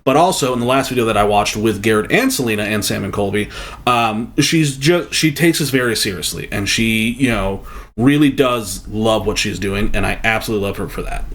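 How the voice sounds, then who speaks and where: A man giving casual, thoughtful commentary on a video, reasoning out loud with many fillers. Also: lowish voice, fairly quick. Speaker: reaction video host.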